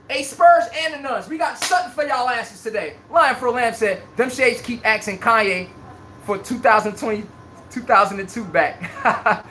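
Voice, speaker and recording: A man's voice: very high-pitched, bright, forceful tone. A brash man holds forth on a live sports fan stream, talking trash and cackling at his chat. His voice rings out in a roomy space with a faint hiss of noise behind him. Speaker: sports livestream host.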